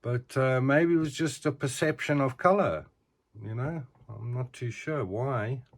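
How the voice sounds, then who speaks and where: A man's voice: mid-range voice, measured pace. A middle-aged man, chatting casually as he reviews collectible figures and often ends sentences with "eh".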